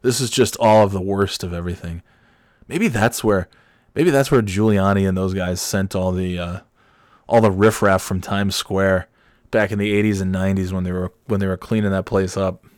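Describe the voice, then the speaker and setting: A man's voice: fairly even intonation, normal speed, dry recording, clean studio sound. A man hosting a podcast, telling a rambling, self-deprecating story in casual chat. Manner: rambling, self-deprecating, acts out quotes in high yelling voices. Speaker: podcast host.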